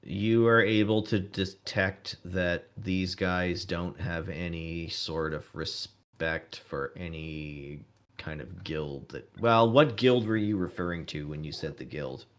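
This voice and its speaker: A man narrating as game master of a tabletop game, relaxed and breaking into laughter now and then. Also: deep voice, slow pace.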